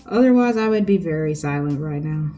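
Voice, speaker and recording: Young woman, slow-talking, low-ish voice, giggly livestream chatter, faint music behind. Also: dark tone. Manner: chatty, giggly, lots of fillers. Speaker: streamer. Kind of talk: casual chat with livestream viewers.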